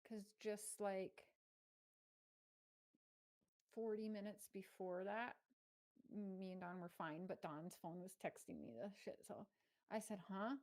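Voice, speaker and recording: A woman's voice: mid-range voice, steady tone, slow, long pauses, a little mellow, low-quality recording. A woman giving casual commentary, reading text messages aloud and talking indignantly with some swearing. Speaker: true crime commentator.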